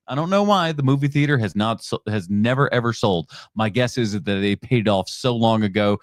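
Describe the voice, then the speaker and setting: A man's voice: lowish voice, dry recording, studio quality. A man hosting a movie podcast, reacting bluntly and sarcastically to clips and laughing often. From United States. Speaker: podcast host. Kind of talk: reacting to videos on a live stream.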